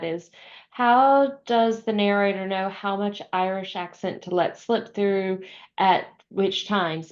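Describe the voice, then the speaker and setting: A woman's voice: medium pitch, muffled recording. A woman hosting an online author chat, relaying questions from the audience. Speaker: host. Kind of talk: casual chat.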